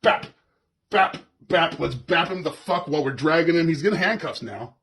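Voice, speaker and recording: Man doing a crude cop character, foul-mouthed, brash, sarcastic ranting, slightly high voice, comedic video commentary. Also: animated, normal speed, fairly bright tone, husky, full character voice.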